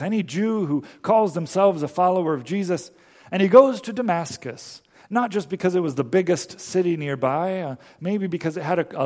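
A male pastor telling a Bible story in a sermon, slowing down and pausing for emphasis. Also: on the high side, a little mellow, in a large hall. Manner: storytelling, with slow emphatic pauses.

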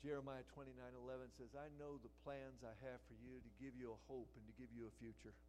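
A man preaching a sermon as pastor to a congregation in a church, emphatic, building to loud repeated cries and dropping into quiet prayer. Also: medium pitch, little pitch movement, quick pace, a little hiss or hum, low-quality recording.

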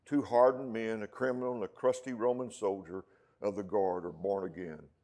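West Texas pastor preaching with swells. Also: male voice, fairly even intonation. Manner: swings from hushed, low lines to loud, slowed emphatic rises. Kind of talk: sermon.

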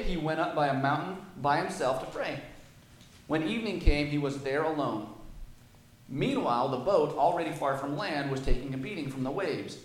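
A man preaching a sermon, reading scripture aloud and then explaining it in a conversational way. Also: on the high side. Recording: very echoey room.

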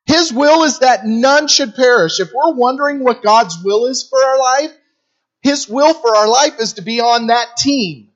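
A man's voice: extremely high pitch, measured pace, muffled recording. A middle-aged man preaching a sermon in a conversational, storytelling way, repeating phrases for emphasis. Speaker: guest preacher for a youth ministry.

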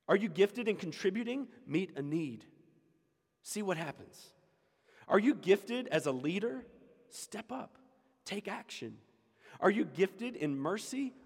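A man's voice: high-pitched, creaky, husky. A man preaching a sermon as pastor, emphatic and repeating his key lines for the congregation. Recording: echoey hall with long reverb.

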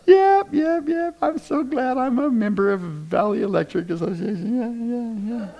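A man's voice: extremely high pitch, measured pace, creaky, muffled recording. A man preaching a sermon to a congregation, telling stories, joking with the room and closing in prayer. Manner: animated, acts out people in quotes, jokes with the room.

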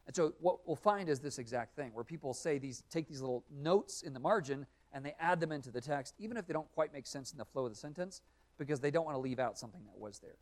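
A man's voice: mid-range voice, expressive, fast. A man teaching a Sunday school class in a conversational lecture, often asking the room questions.

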